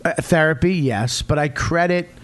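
Middle-aged comic, high-ish voice, swears freely, storytelling with blunt loud outbursts. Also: male voice, normal speed. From Boston area, USA. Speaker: comedian guest. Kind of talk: casual podcast chat.

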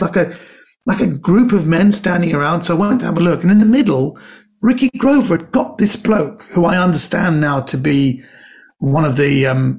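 A man, a comedian guest, telling stories in casual chat and acting out the people in them. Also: on the high side. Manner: animated storyteller acting out quoted people.

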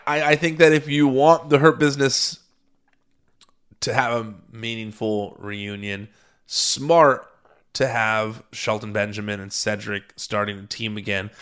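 A man hosting a solo podcast, giving chatty, opinionated commentary with many restarts and fillers. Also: fairly high pitch. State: hiccups. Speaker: podcast host.

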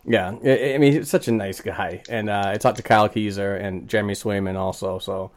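A man's voice: fairly low pitch, a little fast. A man hosting a hockey podcast, telling stories in casual chat with lots of fillers. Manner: animated storyteller, frequent fillers. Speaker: podcast host.

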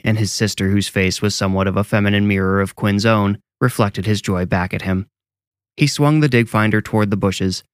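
A man narrating a scripted horror story in a measured, deliberate way. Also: fairly low pitch, no echo.

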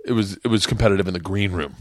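A man's voice: sits low, racing, dry recording. Middle-aged man, podcast host, casual storytelling, swears a lot, dry close sound. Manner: animated storytelling, swearing freely, acting out quotes. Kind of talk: casual chat.

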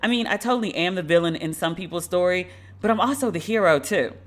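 A woman's voice: lowish voice, quick pace. A woman hosting a podcast, telling a story alone in a sardonic, mocking way and slipping into quoted voices. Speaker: podcast host. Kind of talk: solo commentary.

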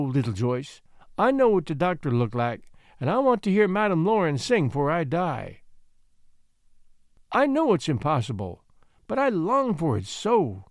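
A man's voice: high-pitched, no room sound, studio quality, heavily acted. A man voicing a feverish dying French girl. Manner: broken French-flavored English, pleading.

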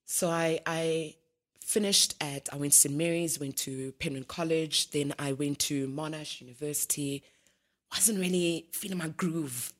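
Young woman, low-ish voice, lively storyteller in an interview, acts out the dialogue and laughs a lot. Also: a little slow. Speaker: interview guest.

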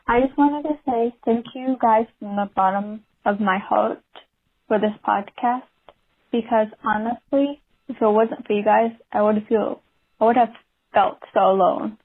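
Woman leaving a grateful voicemail, husky voice, tinny phone line. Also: a little high, measured pace. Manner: gushing, grateful. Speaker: caller. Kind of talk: recorded voice message.

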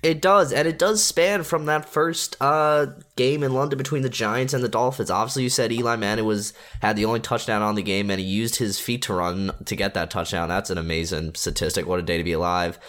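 A man's voice: fairly low pitch, fairly even intonation, brisk, few pauses, fairly bright tone. A man appearing as a podcast's joking weatherman, giving a playful mock forecast and sports trivia. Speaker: guest weatherman. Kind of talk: casual podcast chat.

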